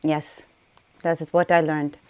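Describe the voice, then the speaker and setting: A woman's voice: deep voice, little pitch movement, slow, darkish tone, clean tone. A young woman hosting a casual snack-tasting vlog, chatty and giggly, talking while she eats. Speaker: vlogger host.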